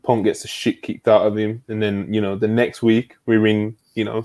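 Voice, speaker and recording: A man co-hosting a wrestling podcast, telling it casually with lots of slang and swearing. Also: on the low side. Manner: animated, slangy, swears a lot, says "bro" often. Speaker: podcast co-host. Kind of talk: casual wrestling review chat.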